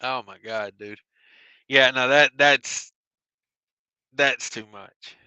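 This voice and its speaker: A man's voice: medium pitch, pushed and bright, clear, resonant tone, dry recording, poor audio. A man hosting a trucking live stream, chatting casually and reading viewer comments aloud with easygoing fillers. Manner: easygoing, drawn-out filler sounds, reads chat aloud. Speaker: host of a trucking live show.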